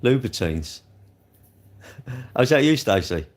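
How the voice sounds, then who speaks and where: A man's voice: mid-range voice, very animated, brisk, vocal fry. A man streaming live, rambling and repeating himself as he talks straight to viewers about their comments. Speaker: livestreamer.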